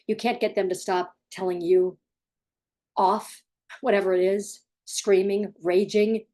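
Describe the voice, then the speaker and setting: Speaking in a fairly low, mellow voice, a woman who coaches parents addresses the viewer directly. Her advice is blunt and emphatic, and she repeats points to drive them home.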